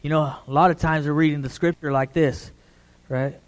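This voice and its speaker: A middle-aged man preaching a sermon in a relaxed, conversational way, often checking in with the congregation. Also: on the high side, moderate pace. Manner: conversational, repeats "right?" to the congregation.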